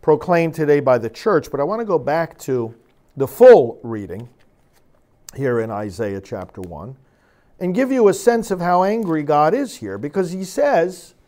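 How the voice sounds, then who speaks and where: Emphatic high-voiced male preacher. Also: very animated, unhurried, darkish tone. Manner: emphatic preaching, reading scripture with dramatic force. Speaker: priest. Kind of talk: sermon.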